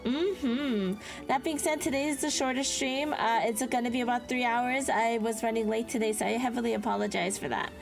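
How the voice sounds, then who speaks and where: A woman streamer chatting excitedly with her live chat, bubbly and quick to laugh. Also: a little high, vocal fry. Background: background music.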